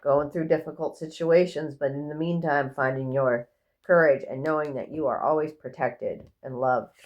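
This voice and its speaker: A woman giving a casual, rambling tarot reading in a gentle, affirming way. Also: deep voice, fairly even intonation, moderate pace, highs cut off. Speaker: tarot reader.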